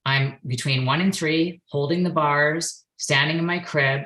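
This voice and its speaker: A woman's voice: low voice, steady tone, unhurried, fairly bright tone, low-quality recording. A woman in her forties, a guest on a podcast interview, earnestly telling a personal story and now and then acting out her own past outbursts. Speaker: guest, perception facilitator and yoga instructor.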